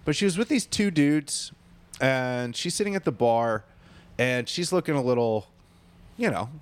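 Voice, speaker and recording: A man's voice: mid-range voice, normal speed, clean tone. A man telling a story from his bar job in casual chat, swearing and acting out the people he quotes. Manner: animated, swearing, acts out quoted voices.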